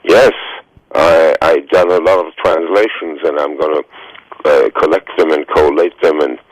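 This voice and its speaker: A man in his nineties, a radio interview guest, telling stories slowly and haltingly with many fillers, heard over a phone line. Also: very deep voice, fairly even intonation, no room sound. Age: 90s.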